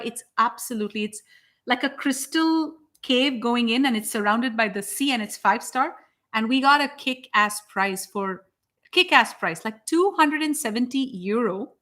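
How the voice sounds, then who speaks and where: A woman's voice: on the high side, a bit bright. A woman hosting a live spiritual broadcast, talking in an enthusiastic, emphatic, preachy way. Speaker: spiritual channel host.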